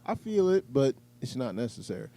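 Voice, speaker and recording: A man, co-hosting a podcast in relaxed chat. His voice is mellow and mid-pitched, and his sound is dry and close. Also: fairly quick, no room sound. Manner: agreeable, frequent yeahs, jumps in higher when excited. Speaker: podcast co-host. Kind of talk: casual chat.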